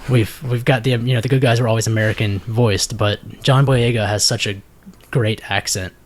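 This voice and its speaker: A man's voice: lowish voice, steady tone, moderate pace. Rambling man hosting a podcast. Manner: rambling, lots of fillers and restarts. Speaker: podcast host. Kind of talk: casual chat.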